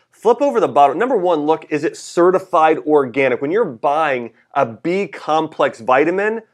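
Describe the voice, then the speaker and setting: A man hosting a live health show, explaining practical tips in a clear, step-by-step way. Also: a little high. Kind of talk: casual health chat on a livestream.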